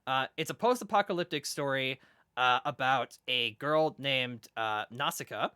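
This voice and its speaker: A man co-hosting a casual podcast chat, rambling excitedly with lots of fillers and restarts. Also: medium pitch, moderate pace, clean tone, dry recording, studio quality. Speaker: podcast co-host.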